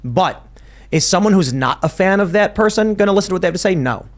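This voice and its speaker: A man hosts a political discussion show and argues his points at length, doubling back on his words as he reasons aloud. His voice sits a little higher than most men's. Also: expressive. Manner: argumentative, thinks aloud with quick restarts. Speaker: podcast host.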